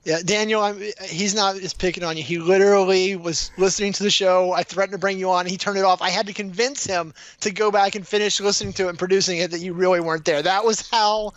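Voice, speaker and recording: Male co-host with a high voice, dry close sound, wry and teasing. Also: fairly even intonation, quick pace, few pauses, no echo, muffled recording. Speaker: podcast co-host. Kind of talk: casual tech podcast banter. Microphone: headset.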